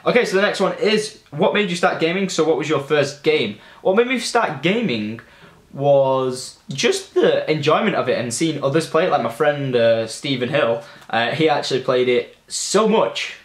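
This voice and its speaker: Chatty lad, echoey room. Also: male voice, on the high side, animated, normal speed. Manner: chatty, loose, swears freely, many fillers. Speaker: gaming vlogger. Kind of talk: casual storytelling.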